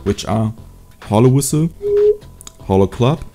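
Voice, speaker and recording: A young man teaching a beatbox sound in a casual home video tutorial, relaxed and hesitant, with many fillers. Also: fairly low pitch, a little slow, over music. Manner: laid-back, hesitant with fillers. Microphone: USB desk mic.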